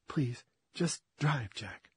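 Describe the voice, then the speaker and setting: A man voicing a wistful young woman who speaks quietly and breathily, close to a whisper. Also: medium pitch, lively intonation, extremely slow, slightly rough, no room sound, heavily acted. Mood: subdued.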